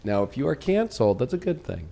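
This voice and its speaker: A man hosting a tarot show from a studio, chatting excitably and rambling, laughing and swearing. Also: mid-range voice, fast talker, gravelly. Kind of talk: casual chat with co-host.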